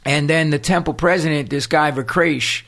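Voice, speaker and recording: Profane New storyteller, higher voice. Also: male voice, normal speed, vocal fry. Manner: profane, animated street-talk storytelling. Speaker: podcast guest, punk singer. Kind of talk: storytelling in casual interview.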